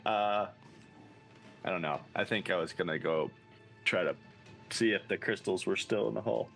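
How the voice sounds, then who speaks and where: A man's voice: low voice, normal speed, gravelly, a bit bright, soft background music. A man playing in a tabletop game, talking offhand and thinking aloud. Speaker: player. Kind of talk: casual tabletop game play.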